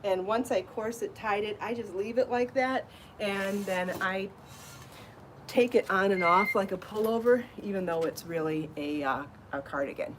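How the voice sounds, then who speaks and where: A woman hosting a live crafting show, chatty and enthusiastic, out of breath from rushing around and trying on garments. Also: mid-range voice, noisy background. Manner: chatty and enthusiastic, laughs at herself. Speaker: podcast host showing her yarn designs. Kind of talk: casual live show chat.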